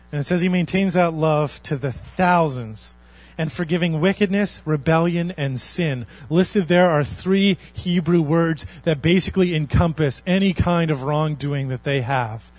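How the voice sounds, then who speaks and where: A man preaching a sermon as a pastor, earnest, swinging between loud emphasis and quiet intensity. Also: a little high, dry recording.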